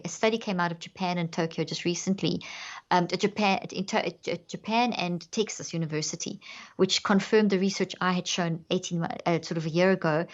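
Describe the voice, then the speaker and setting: A woman's voice: mid-range voice, dull audio. A woman guest on a podcast interview, explaining earnestly and acting out inner self-talk as examples.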